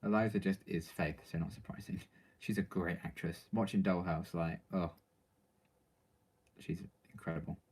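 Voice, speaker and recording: Low-voiced man chatting on a live stream. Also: darkish tone. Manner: rambling, with many ums and likes. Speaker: vlogger reading viewer questions. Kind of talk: casual live-stream chat.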